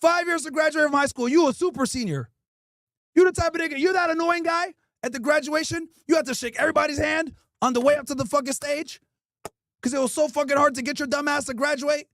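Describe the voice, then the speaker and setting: A man's voice: very high-pitched, quick pace, fairly bright tone, dry recording, studio quality. A male host doing an improvised comedy roast, crude and mocking, hurling insults.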